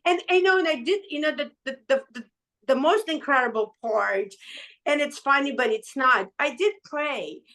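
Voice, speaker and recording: Middle-aged woman, fairly high voice, emotional, rambling testimonial chat. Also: normal speed, bright, forceful tone, low-quality recording. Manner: emotional, rambling, restarts often. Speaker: patch seller sharing her testimonial. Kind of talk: casual conversational testimony.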